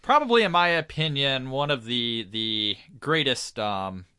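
A man's voice: mid-range voice, expressive, measured pace, sharp tone, smooth, no echo, studio quality. A man co-hosting a podcast, giving opinions in casual chat with many fillers. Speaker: podcast co-host.

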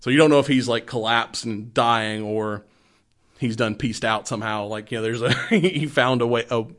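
A man's voice: medium pitch, moderate pace, fairly bright tone. A man in casual chat who rambles, swears freely and laughs a lot while recapping a film. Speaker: podcast co-host.

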